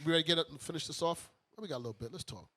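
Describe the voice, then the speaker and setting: Middle-aged male radio host from Brooklyn. Quick-talking comic storyteller with a bright, high voice. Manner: animated, joking storyteller who laughs through his punchlines. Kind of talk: casual comic storytelling on a talk radio show.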